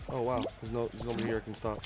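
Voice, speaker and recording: A young man streaming a game live, chatting casually and jokingly, sometimes bursting into loud shouts. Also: mid-range voice, racing, heavy background noise. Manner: excitable, jokey, bursts into shouts. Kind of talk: live gaming commentary.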